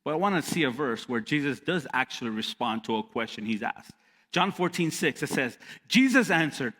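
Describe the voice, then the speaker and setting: A man preaching a sermon as pastor, animated and repeating lines for emphasis. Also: high-pitched, moderate pace, in a large hall. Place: church hall.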